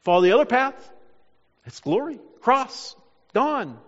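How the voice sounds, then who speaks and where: A man preaches a sermon with a high, lively voice that leaps up and drops low as he acts out quoted voices. His words ring out with a long hall reverb, and the recording sounds dull and muffled. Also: a little slow. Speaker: pastor.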